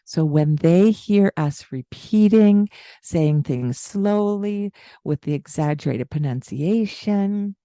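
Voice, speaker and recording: A woman with a low, mellow voice talks slowly and calmly in a casual podcast chat. She explains parenting ideas. The sound is dry and close to the mic. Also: dry recording. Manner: explains calmly, demonstrates baby talk with high sing-song bits.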